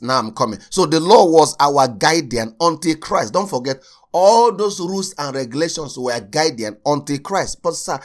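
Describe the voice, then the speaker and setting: A man preaching a sermon, repeating key lines slowly for stress and speaking straight to his listeners. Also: fairly high pitch. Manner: addresses listeners directly as sir and uncle.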